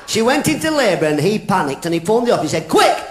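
A man's voice: high-pitched, big pitch swings, racing. An older man playing the daft, cheeky half of a live comedy double act, giggling at his own gags. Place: large theatre stage before a laughing audience. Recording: echoey live theatre recording with audience noise.

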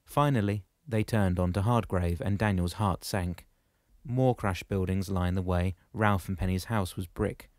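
A man reading a novel aloud in a steady, measured storytelling manner. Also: deep voice, no echo, studio quality. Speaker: audiobook narrator. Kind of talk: scripted narration.

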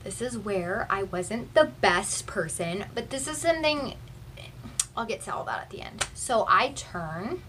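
Bright-voiced young woman telling a story. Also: mid-range voice, measured pace, distant mic, slight background noise. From Texas. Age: young adult. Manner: chatty and animated, heavy use of "like". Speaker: vlogger. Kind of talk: storytime vlog. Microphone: phone camera.

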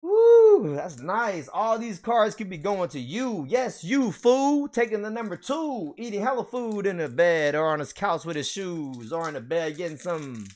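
A man's voice: high voice, expressive, normal speed, few pauses. A young man casually opening trading card packs for his viewers, hyped and slangy, laughing often. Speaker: card pack opener. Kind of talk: casual pack-opening vlog.

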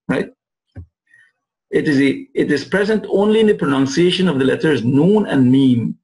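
Man teaching arabic grammar, gravelly voice, keeps asking "right?", stretches out the arabic words slow. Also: fairly high pitch, darkish tone, low-quality recording. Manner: repeats phrases and asks "right?" to check understanding; drawls Arabic words slowly to model pronunciation. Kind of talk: classroom lesson.

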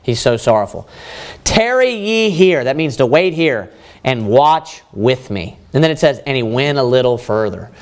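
A man, a pastor, preaching a Bible study sermon, reading verses slowly and then explaining them in plain words, rising in force to stress his points. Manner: rises in pitch and force when stressing points.

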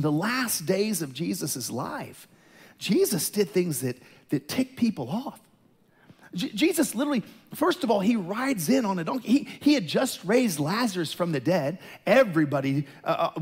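A middle-aged male pastor preaching a sermon, telling the story with animated, building emphasis. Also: sits high.

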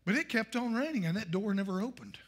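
A male pastor, preaching a fiery sermon and shouting his points. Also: sits high, animated, fast, breathy edge.

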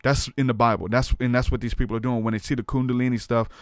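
A man speaking as a podcast host, recounting a personal story in an earnest, conversational way. His pitch sits in an ordinary middle range for a man. The sound is dry and close, with no room echo. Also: level tone, fast. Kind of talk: personal testimony in casual talk.

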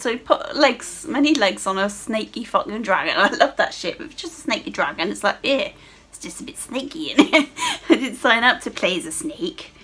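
A woman's voice: high voice, fairly bright tone, slightly rough. Giggly sweary woman gamer. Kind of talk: casual gameplay commentary.

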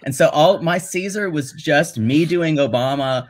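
A man who co-hosts a podcast as a guest, chatting casually with lively, laughing asides. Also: a little high, unhurried. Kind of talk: casual chat.

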